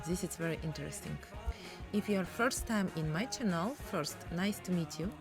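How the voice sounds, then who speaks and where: Russian-accented woman explaining a painting step by step, slow and chatty, broken english. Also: on the low side. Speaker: painting teacher. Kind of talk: casual painting tutorial.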